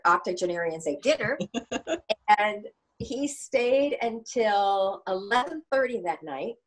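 A woman's voice: medium pitch, rough recording. A woman in her sixties, a gymnastics coach and author, telling anecdotes in an interview and acting out the dialogue. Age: 60s. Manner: animated, anecdotal, acts out dialogue. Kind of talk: storytelling interview answer.

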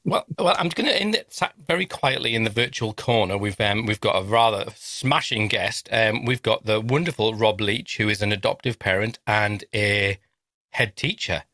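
A man's voice: lowish voice, bright, forceful tone, dry recording. A middle-aged man from northern England hosting a podcast in a jokey, teasing chat. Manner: jokey, teasing, quick asides. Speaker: podcast host. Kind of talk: casual chat.

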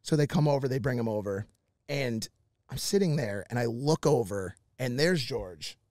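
Animated young man telling a story. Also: mid-range voice, normal speed, no room sound, studio quality. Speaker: podcast co-host. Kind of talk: casual storytelling.

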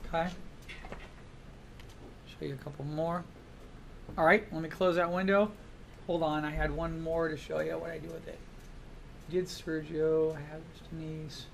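A man teaching a class in a classroom, lively and full of questions to the students. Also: fairly high pitch, a little slow, creaky, pauses often, slight background noise. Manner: animated, asks the class many questions. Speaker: art instructor. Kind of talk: classroom lecture.

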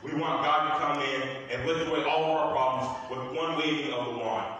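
A man preaching a sermon, his voice bright and forceful with a slightly high pitch. He builds fervor through repeated refrains. The sound is echoey, heard from across a large hall with a little background hiss. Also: fairly even intonation, brisk, recorded from a distance, muffled recording. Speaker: minister.

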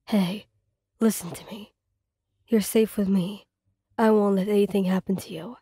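A woman voicing a protective young male hero who murmurs softly and reassuringly in a fanfic audio role-play. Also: steady tone, a little slow, breathy edge. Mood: soothing. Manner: low soft reassuring murmur.

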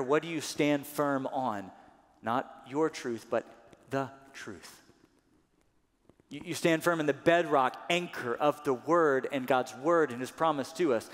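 A man preaching a sermon as pastor, animated, often acting out quoted voices louder and higher. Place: church sanctuary. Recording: church sanctuary with long reverb.

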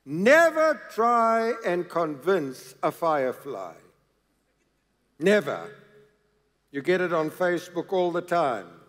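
A man's voice: on the high side, very animated, slow pace, pauses often, a bit bright. A man preaching a sermon in a church, emphatic and dramatic, repeating phrases for effect. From South Africa. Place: large church hall. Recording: reverberant church hall.

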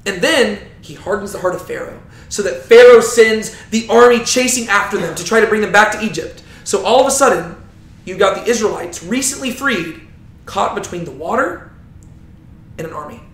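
A man's voice: sits high, lively intonation, normal speed, a bit bright. A man teaching a Bible lesson, telling the story with animation and often checking in with "right?". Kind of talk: teaching talk. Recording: roomy echo.

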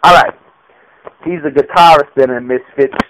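A man's voice: on the high side, moderate pace, fairly bright tone, poor audio. A man performing a comedic improvised skit, brash and profane, stumbling over himself with fillers. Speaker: parody performer.

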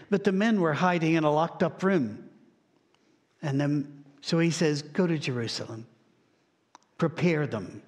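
Storytelling preacher with a slightly high voice. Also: male voice. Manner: storytelling preacher, slows and drops to a hush for emphasis. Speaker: pastor. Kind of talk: sermon.

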